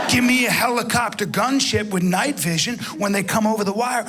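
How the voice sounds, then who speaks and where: A man performing a stand-up story, animated and profane, breaking into shouts. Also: high voice, fairly quick, few pauses, loud music behind the voice. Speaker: stand-up comedian.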